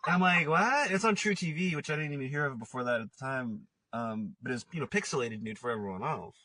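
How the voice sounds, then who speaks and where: A man's voice: mid-range voice, fast, sharp tone, no room sound. A man hosting a podcast, telling a rambling story with lots of laughs and acted-out quotes. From Italian Scottish family. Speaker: podcast host. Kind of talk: casual chat, storytelling.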